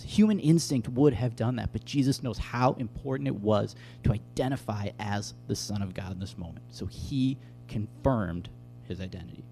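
A pastor delivers a sermon in a warm, mellow voice, speaking plainly and conversationally. He walks through scripture and ties it to everyday stories. Soft music plays faintly behind him. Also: fairly low pitch, normal speed.

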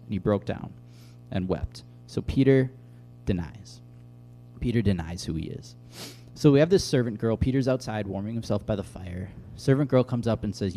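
A man preaching as a pastor, explaining scripture in a relaxed conversational way and telling everyday stories to make his point. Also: lowish voice, moderate pace, a little hiss or hum. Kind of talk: sermon.

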